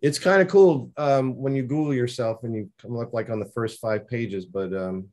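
A man joins over a video call as a guest photographer and talks in a relaxed, easygoing way. He fills his pauses with frequent um's, and his voice sits at a middle pitch. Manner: relaxed, hesitant fillers. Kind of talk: casual chat.

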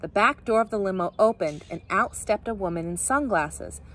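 A woman, a teacher, reading a children's picture book aloud with expressive, animated storytelling. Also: medium pitch, normal speed.

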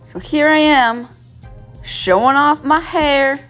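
A woman beauty vlogger telling stories and walking through a hair tutorial in a chatty, animated way. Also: sits high, slow, soft background music. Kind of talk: casual storytelling and hair tutorial.

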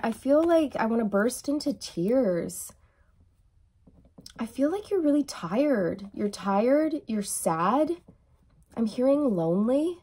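A woman giving a channeled tarot reading, talking in a soft, emotional, reassuring way and often checking in with "okay?". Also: mid-range voice. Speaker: tarot reader.

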